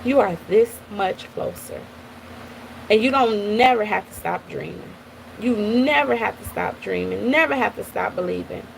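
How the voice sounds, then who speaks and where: A woman hosting a motivational live stream, telling stories in an animated way and talking straight to her listeners. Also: medium pitch, gravelly, slight background noise, poor audio. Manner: animated, addresses listeners as y'all, repeats okay. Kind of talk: motivational storytelling talk.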